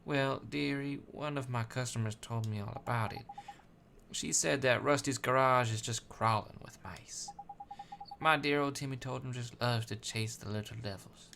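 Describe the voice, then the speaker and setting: A man's voice: mid-range voice, gravelly, bright, forceful tone, slight background noise. Guy doing a doting old cat lady, all sweet and cooing. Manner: sweet, fussing, slow and cooing. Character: fussy doting elderly woman cat owner.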